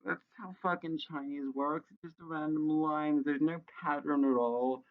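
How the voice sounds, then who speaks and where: A man's voice: fairly high pitch, fairly even intonation, moderate pace, phone-quality sound. A man giving sarcastic, exasperated commentary as he reads a how-to page aloud, with a lot of swearing. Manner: exasperated, profane ranting. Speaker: video creator.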